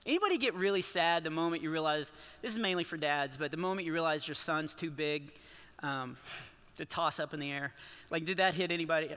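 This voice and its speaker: Bright, high-voiced man doing church stand-up. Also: a little fast. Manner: rambling, self-interrupting, chuckling storyteller. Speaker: stand-up comedian. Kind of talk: stand-up comedy set at a church service. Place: large church auditorium. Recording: long hall reverb.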